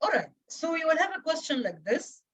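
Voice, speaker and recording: A woman's voice: high-pitched, big pitch swings, fairly quick, dry recording. A woman teacher giving a class lecture, stressing and repeating key words, with many fillers.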